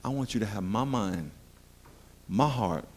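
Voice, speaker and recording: A man's voice: on the low side, animated, unhurried. A middle-aged man preaching a sermon as pastor, a playful storyteller who jokes with the congregation.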